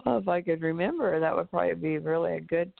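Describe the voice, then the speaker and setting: A man's voice: a little high, fast talker, creaky, no room sound. A man co-hosting a reflective spiritual talk show, rambling and searching for his words. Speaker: podcast co-host. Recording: tinny phone-line sound.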